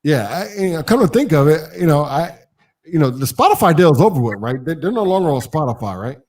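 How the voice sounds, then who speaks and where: A man's voice: fairly high pitch, sing-song, fast, darkish tone. A man hosting a podcast in casual chat, rambling with many fillers and repeated starts. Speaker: podcast host.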